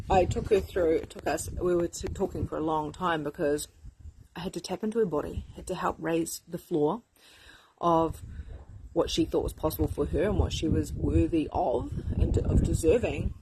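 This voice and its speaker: A woman spiritual mentor hosting a course, giving an energetic, emphatic motivational teaching talk in a casual manner with repetition. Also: lowish voice, moderate pace, noisy background.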